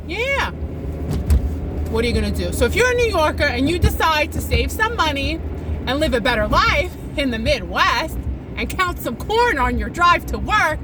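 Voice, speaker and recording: A woman's voice: high-pitched, noisy background. Sarcastic New woman ranting at the wheel. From New York. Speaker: comedy vlogger. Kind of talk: talking to herself while driving. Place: inside a car while driving.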